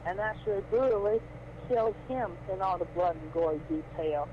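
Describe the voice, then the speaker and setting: A man on a recorded call, giving halting, rambling answers. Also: high-pitched, lo-fi sound, crowd noise. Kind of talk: recorded phone-call conversation.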